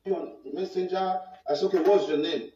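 Nigerian man, high but mellow voice, boastful story, roomy, far from the mic, dull sound. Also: steady tone, moderate pace. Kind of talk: personal story told to camera. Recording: dull, roomy clip from a distance.

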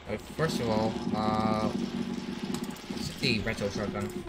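Excitable young man narrating gameplay. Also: on the low side, measured pace. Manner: excitable, rambling, frequent outbursts. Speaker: gaming commentator. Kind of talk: casual gameplay commentary. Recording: noisy game audio behind.

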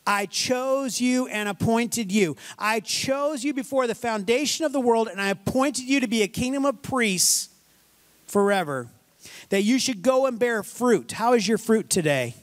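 A man's voice: very high-pitched, expressive, normal speed. A man preaching a sermon as pastor, emphatic and folksy, repeating words for stress.

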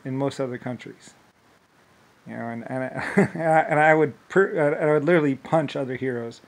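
Rambling man, restless and halting. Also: mid-range voice, rough recording. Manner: rambling, many restarts, bursts of laughter. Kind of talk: rambling monologue.

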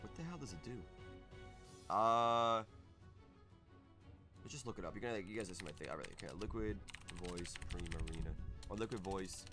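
A young man streaming live gameplay, talking through his moves and breaking into shouts when things go his way. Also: low-pitched, moderate pace, long pauses, music in the background. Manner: excitable, bursts into shouts.

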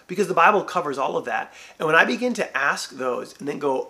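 An animated male pastor in a church devotional talk, with a bright, ringing voice that sits a touch high for a man. He slips into quick voices for imagined conversations as he talks. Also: gravelly. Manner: animated, acts out imagined dialogue.

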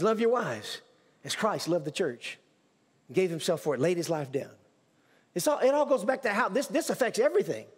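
Emphatic preacher with lively high pitch. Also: male voice, breathy edge. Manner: emphatic preaching with repetitions and restarts. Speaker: pastor. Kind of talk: sermon. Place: church sanctuary. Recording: church hall reverb.

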